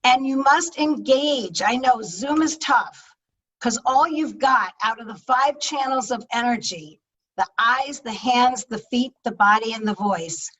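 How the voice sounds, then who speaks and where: A woman speaking coach giving an energetic, emphatic talk on public speaking over a video call. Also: on the high side, measured pace. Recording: distant-sounding video call audio.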